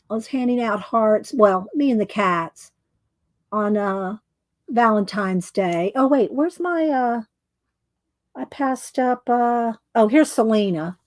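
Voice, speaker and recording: A woman with a somewhat high voice chats casually on a livestream, rambling and thinking out loud with plenty of fillers. Her voice sounds close and dry, with no room echo. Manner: rambling, chatty, thinks aloud with many fillers. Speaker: livestream host showing her art.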